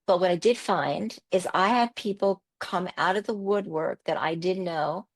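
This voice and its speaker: A middle-aged woman telling personal stories in an animated conversational way, repeating words for emphasis. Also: fairly low pitch, normal speed. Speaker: podcast host as interview guest. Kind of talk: conversational storytelling.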